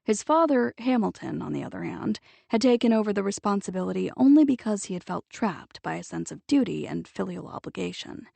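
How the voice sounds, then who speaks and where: A woman reads a novel aloud with a steady storytelling pace. Her voice has a gravelly fry and lively pitch movement, and the recording is dry and close. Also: a little fast, dry recording. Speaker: audiobook narrator. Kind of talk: scripted audiobook narration.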